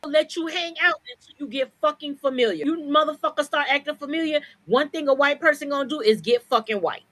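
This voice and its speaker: A woman's voice: high voice, fairly quick, sharp tone, no echo, low-quality recording. A woman co-hosting a podcast, ranting in a blunt, profane, confrontational way. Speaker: podcast co-host. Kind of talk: heated podcast rant.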